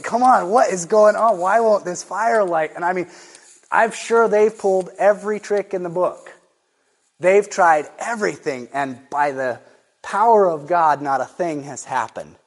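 Emphatic, conversational male preacher. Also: high voice. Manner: conversational, emphatic, slows down to stress points. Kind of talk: sermon.

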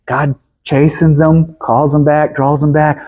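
Husky-voiced man preaching a slow sermon. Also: on the high side, flat delivery. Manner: emphatic, swings from loud to hushed, chuckles.

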